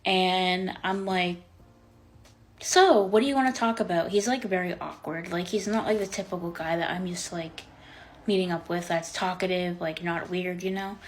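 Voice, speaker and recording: A woman's voice: on the low side, little pitch movement, moderate pace, low-quality recording. A young woman telling a dating story to camera, chatty and filled with "like" and "um," retelling the quotes with drama. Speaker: vlogger. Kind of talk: casual storytime.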